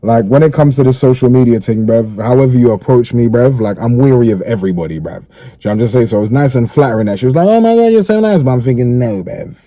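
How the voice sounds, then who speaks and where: A man with a warm, mid-range voice speaks fast and casually in a played interview clip, with no room sound. Relaxed and slangy, he keeps checking in with "you get me."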